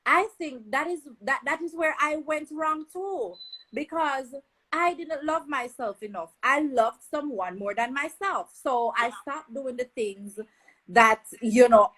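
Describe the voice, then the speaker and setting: A Jamaican woman with a fairly high voice hosts a casual chat. She is enthusiastic and exclaims and affirms often, speaking openly and warmly engaged with her guest. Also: expressive, a little slow, low-quality recording. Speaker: host.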